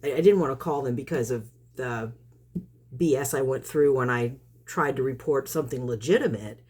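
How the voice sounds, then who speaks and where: A woman vlogger with a low, darkish, husky voice chats casually to the camera at a moderate pace. Just back in from outdoors after feeding neighborhood cats, she rambles and laughs often.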